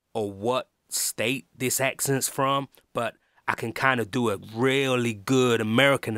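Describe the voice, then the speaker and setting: A man's voice: medium pitch, fairly bright tone, smooth, no room sound, studio quality. A man with a London English accent, a music producer talking through a casual tutorial, rambling with lots of ums and restarts. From England.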